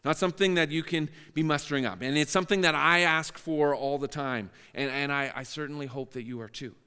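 A man's voice: on the high side, fairly even intonation, fairly quick, pushed and bright, clear, resonant tone. Male pastor preaching in a reverberant hall. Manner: earnest, with frequent word repeats and restarts. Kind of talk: sermon.

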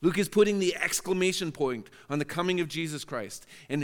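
A man's voice: a little high, fairly quick, few pauses. Male pastor preaching in a reverberant hall. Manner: earnest, with frequent word repeats and restarts. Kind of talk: sermon.

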